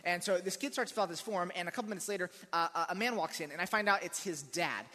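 A male pastor delivers a sermon in a relaxed storytelling way, slipping in dry humor. His voice is bright and a bit high. It rings out with the long reverb of a large hall. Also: fast.

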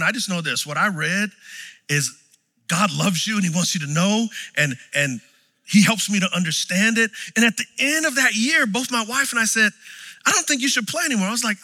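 Preaching in a long-echoing hall, a man in his forties with a high, bright voice tells stories with force and animation. He jumps from loud outbursts to softly spoken lines.

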